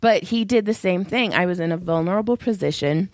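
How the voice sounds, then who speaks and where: A woman's voice: lowish voice, brisk, darkish tone, no room sound, studio quality. A young adult woman telling stories in casual chat, laughing often, her vocal cords strained. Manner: chatty storyteller, laughs often. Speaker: podcast co-host.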